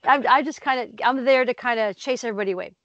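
A woman co-hosting a casual talk show, telling stories with lively acted-out voices. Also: on the high side, very fast, no echo, lo-fi sound. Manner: lively storyteller, acts out voices. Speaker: co-host. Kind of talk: casual chat.

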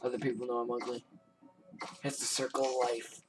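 A man's voice: medium pitch, little pitch movement, a little fast, music in the background. A man giving casual gameplay commentary in a goofy, rambling, self-mocking way. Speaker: gaming YouTuber.

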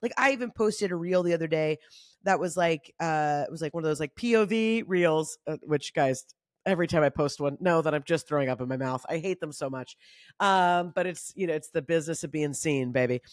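A woman in her thirties hosting a motivational solo talk, candid, casual and animated, often saying y'all. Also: sits low, a little fast, no room sound, studio quality. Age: 30s. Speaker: podcast host.

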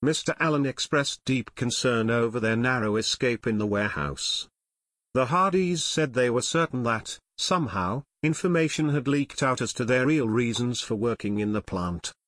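Working as an audiobook narrator, a man reads scripted material with even, steady delivery at a moderate pace. His voice is at an ordinary middle pitch, captured in a close, dry recording free of room sound.

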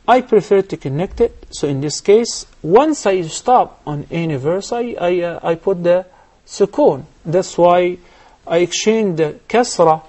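A man's voice: high voice, animated, dark tone. Patient man teaching Quran recitation. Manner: patient, explains rules step by step, recites verses in a slow melodic chant. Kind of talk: televised recitation lesson with live callers.

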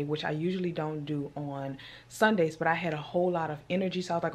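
A woman's voice: sits low, fairly quick, slight background noise. A young woman chatting casually to her camera at home, calling her viewers "girl" and "y'all". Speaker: vlogger. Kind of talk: casual vlog chat to camera. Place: at home in an apartment. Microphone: camera on a tripod.

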